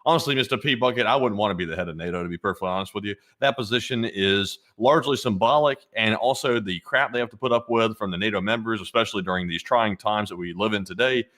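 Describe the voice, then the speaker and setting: Male co-host, lowish voice, quick delivery, casual donation reader. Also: bright, forceful tone. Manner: quick, offhand talk with frequent fillers. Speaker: co-host reading viewer donations. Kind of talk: casual livestream chat.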